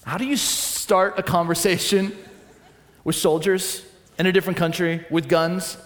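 A man preaching a sermon, telling stories in a lively, animated way, swinging between soft asides and excited bursts. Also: high voice, moderate pace, big-room sound. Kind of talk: sermon with personal storytelling.

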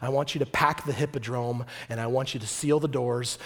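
Man doing a paranoid ancient king, cold commands, lowered menacing delivery. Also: steady tone, fairly quick, lightly acted.

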